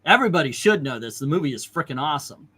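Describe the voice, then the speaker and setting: A man's voice: a little high, animated, racing, sharp tone, husky. A man hosting a casual movie chat, reading out viewer comments and eagerly retelling favorite scenes. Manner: enthusiastic, retells scenes in detail. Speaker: host.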